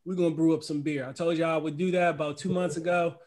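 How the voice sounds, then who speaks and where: A middle-aged man from the United States hosts a casual livestream chat in a high, bright voice. He laughs often and reads viewers' comments aloud as he goes. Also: level tone, fast. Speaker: host.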